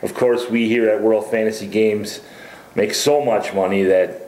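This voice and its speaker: A man's voice: on the low side, fairly even intonation, a little slow, a little mellow. Joking male sports host, roomy echo. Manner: joking, teasing banter. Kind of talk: casual sports chat.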